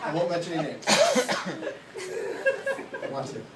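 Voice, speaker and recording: A man's voice: on the high side, expressive, moderate pace. Blunt, crude man doing stand-up. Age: late 30s. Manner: blunt, crude, self-mocking joking. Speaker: stand-up comedian. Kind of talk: stand-up comedy set. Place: comedy club stage. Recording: echoey room, distant mic, loud background noise.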